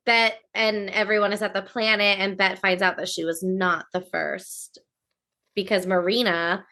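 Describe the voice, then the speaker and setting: A woman's voice: mid-range voice, level tone, unhurried, bright, forceful tone. A woman co-hosting a podcast, chatting casually and animatedly about an episode, laughing easily and swearing now and then. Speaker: podcast co-host. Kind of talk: casual recap chat.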